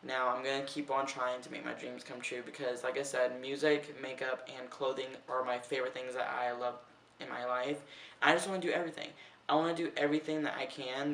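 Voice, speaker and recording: A man's voice: medium pitch, gravelly, a bit bright, slight background noise. A young man vlogging in a casual, chatty way, full of "like" and swearing freely. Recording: roomy echo, heard from a distance.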